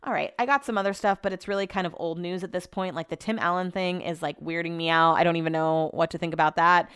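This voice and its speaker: Speaking fast with a fairly low, steady, slightly bright voice that is clear and resonant, a woman hosts a podcast from her home office. On her podcast microphone she chats about the news and her day, cursing occasionally and stumbling now and then, in a dry, studio-quality recording.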